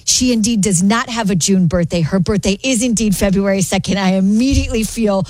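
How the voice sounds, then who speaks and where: A woman's voice: medium pitch, a little fast, no echo. A woman in her thirties co-hosting a radio show, telling a story with lots of laughter and acted-out quotes. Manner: animated, laughs often, acts out quotes. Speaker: radio co-host. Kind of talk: casual chat, storytelling.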